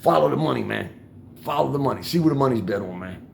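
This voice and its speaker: The voice here is medium-pitched, creaky, and fast, with lively intonation and a slight hiss or hum. It belongs to an older Washington DC man on an outdoor street corner, loosely storytelling to his viewers about betting while cursing and leaning on "man" and "y'all" nearly every line.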